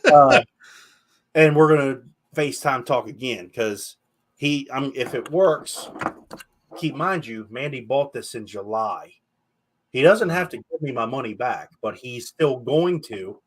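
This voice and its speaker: A man's voice: mid-range voice, expressive, a little slow, slight background noise. A man hosting a casual podcast chat, telling stories with animation and swearing freely. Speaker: podcast host.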